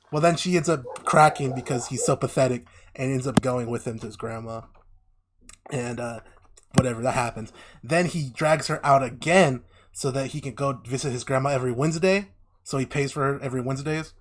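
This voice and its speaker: A man co-hosting a casual podcast, recapping an anime with animated storytelling and acted-out lines. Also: medium pitch, a little fast, background noise. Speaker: podcast co-host.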